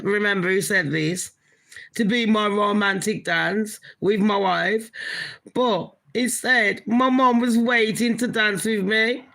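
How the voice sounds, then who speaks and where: This is a woman running a casual gossip commentary channel. Her voice is bright and sharp-edged. She rants bluntly and incredulously, swearing freely. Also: medium pitch, rough recording. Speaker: commentary vlogger.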